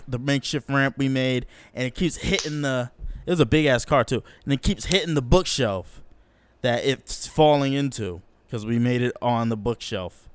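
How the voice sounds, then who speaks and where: Smooth-voiced young man telling animated stories. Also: no room sound. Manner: animated, profane, slangy, acts out quotes in a higher voice. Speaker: podcast host. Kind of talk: casual solo storytelling.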